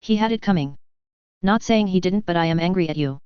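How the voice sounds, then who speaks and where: Woman narrator, steady storybook read, smooth low voice, muffled lo-fi sound. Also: fairly quick, no echo. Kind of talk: fan fiction audiobook reading. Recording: dull dry lo-fi audio.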